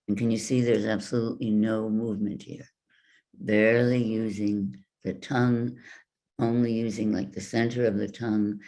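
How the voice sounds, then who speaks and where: A woman voice coach giving a workshop talk, speaking deliberately and guiding the listeners through exercises with demonstrations. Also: a bass voice, little pitch movement, mellow. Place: virtual workshop from home.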